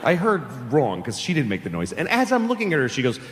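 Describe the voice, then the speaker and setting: A man's voice: fairly high pitch, wildly swooping pitch, quick pace. A middle-aged man doing stand-up comedy, telling stories in a profane, conversational way on a big theater stage. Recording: echoing live hall, audience noise.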